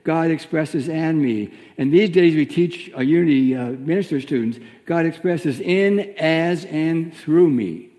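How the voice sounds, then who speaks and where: A man giving a sermon as a minister, teaching in a gentle, reflective way with pauses. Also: fairly high pitch, big-room sound.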